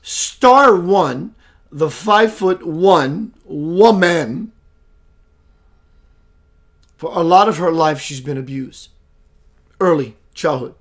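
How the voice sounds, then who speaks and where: A man hosting a radio show, telling a personal story in an animated way with dramatic pauses, swinging between loud and hushed. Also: on the high side. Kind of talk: storytelling monologue.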